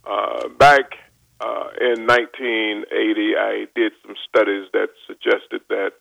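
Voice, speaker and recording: A man in his seventies from North Carolina, a chemist giving a measured, formal radio interview with frequent pauses. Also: lowish voice, little pitch movement, gravelly, fairly bright tone, no echo, muffled recording. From North Carolina, USA. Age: 70s. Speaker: guest chemist. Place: radio studio.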